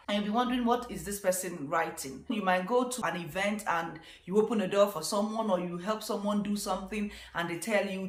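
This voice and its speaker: A woman's voice: medium pitch, reverberant. A woman with a Nigerian accent, explaining things to her viewers in a casual, chatty vlog and speaking to them directly. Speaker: vlogger.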